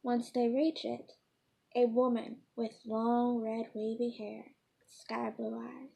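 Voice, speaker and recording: A woman's voice: on the high side, little pitch movement, creaky, dark tone, husky. A woman reading her own fantasy story aloud, stumbling and correcting herself often. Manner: halting, frequent self-corrections. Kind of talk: unpolished storybook read-aloud.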